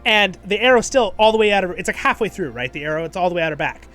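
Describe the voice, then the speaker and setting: Man, high voice, casual review host, rambling and chatty, keeps checking in with the listener. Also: animated, racing, hardly any pauses, sharp tone, faint music behind. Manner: chatty, rambling, filler-heavy with frequent "right?" checks.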